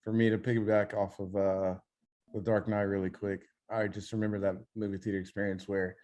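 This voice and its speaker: A young man co-hosting a podcast, telling animated stories in casual chat and swearing freely. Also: on the low side, fairly quick. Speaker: podcast co-host.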